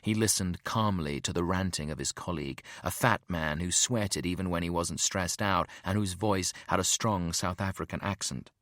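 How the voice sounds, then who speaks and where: Deep-voiced male audiobook narrator. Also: normal speed, hardly any pauses, a bit bright, no echo, clean studio sound. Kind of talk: scripted narration.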